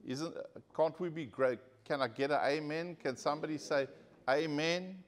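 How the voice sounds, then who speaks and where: A man's voice: on the high side, normal speed. A male pastor preaching a sermon to his congregation, earnest and direct, asking the people for an amen. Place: church.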